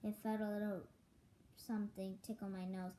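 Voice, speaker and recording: A woman reading a children's book aloud in a halting way, often restarting words, recorded with room echo. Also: mid-range voice, flat delivery, warm tone, slight background noise. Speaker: storybook reader. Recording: echoey room.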